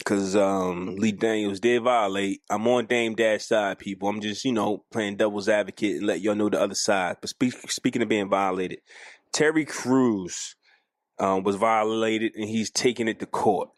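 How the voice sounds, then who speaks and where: A man co-hosting a podcast in casual chat, animated and arguing his point, acting out quoted lines. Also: fairly low pitch, normal speed, no room sound, clean studio sound. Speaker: podcast co-host.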